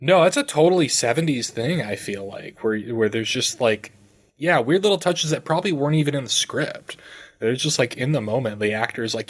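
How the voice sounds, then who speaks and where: A man co-hosting a podcast, talking in an animated way, full of fillers and restarts. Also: medium pitch, normal speed. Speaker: podcast co-host. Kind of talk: casual podcast chat.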